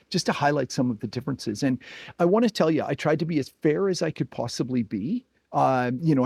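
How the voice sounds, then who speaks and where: A man's voice: mid-range voice, darkish tone. A man from Canada talks casually to his viewers in a mid-range voice, hesitating often with ums and restarting his sentences. The recording is dry and close, with no room echo. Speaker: vlogger. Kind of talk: casual chat. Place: indoors, living in the UK.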